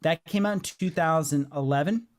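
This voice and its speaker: A man hosting a comics podcast who lays out his views firmly. His voice sits a little high for a man. He fills his pauses with ums and uhs as he goes. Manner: assertive, explains at length with fillers. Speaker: podcast host. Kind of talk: casual chat.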